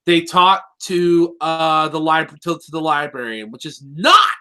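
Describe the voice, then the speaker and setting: Bright, rambling joking co-host. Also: medium pitch, lively intonation, measured pace, smooth. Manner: rambling, joking, trips over words and restarts. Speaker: co-host of a cartoon review show. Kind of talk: casual review chat.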